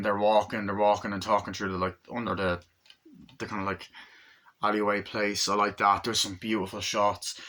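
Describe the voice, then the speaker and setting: A man casually reviewing an action movie, rambling with excitement and swearing a lot. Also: fairly low pitch. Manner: excited, profane, rambling, acts out scenes.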